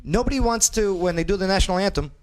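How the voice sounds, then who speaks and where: Male talk show host, studio chat, lively up-and-down delivery, stammers and restarts, opinionated. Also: high voice, fast. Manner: animated, repeats words, frequent stammering restarts.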